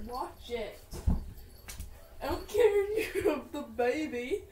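A high, lively woman giggles and teases her pet dog while vlogging at home. The camera sits some way off, so her voice is distant and echoey. Background noise runs under it. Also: takes it slowly. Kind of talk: casual home vlog. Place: indoors at home. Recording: echoey room, far mic, background noise. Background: dog moving and playing.

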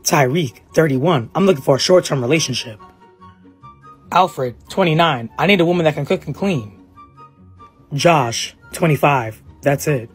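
A woman voicing a string of young men reading their dating-profile lines in a flat deadpan. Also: deep voice, unhurried, slightly rough, faint music behind, pitched below the performer's own voice, exaggerated voice.

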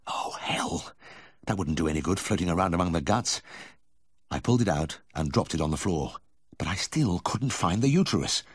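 A man narrating a first-person memoir audiobook in a measured, vivid way. His voice sits very low and sounds husky. The studio recording is close and dry. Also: dry recording.

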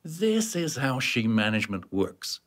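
A man's voice: medium pitch, sing-song, measured pace. A man giving scripted narration for a workplace safety training course, explaining step by step and answering his own questions.

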